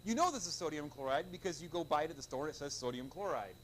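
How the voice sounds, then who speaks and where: A man's voice: on the high side, quick pace, slight background noise. A middle-aged man teaching chemistry to a class, joking and quizzing the students in a classroom. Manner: lively, joking, quizzes the class with call-and-response. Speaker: high school chemistry teacher. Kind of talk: classroom lecture.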